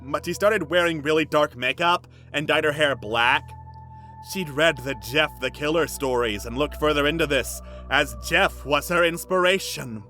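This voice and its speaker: A young man reads a story for comedy, dropping dry, mocking asides between the sentences. His voice is bright and crisp and sits slightly high for a man, with faint music playing underneath. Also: moderate pace. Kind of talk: sarcastic dramatic reading with commentary.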